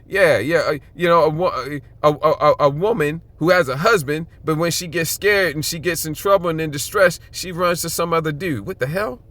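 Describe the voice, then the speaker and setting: A man's voice: on the high side, moderate pace, hardly any pauses, a bit bright, no echo. A man preaching a sermon and teaching scripture in an emphatic, conversational way, often checking in with "okay?" and slipping into blunt slang. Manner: blunt street slang and occasional profanity.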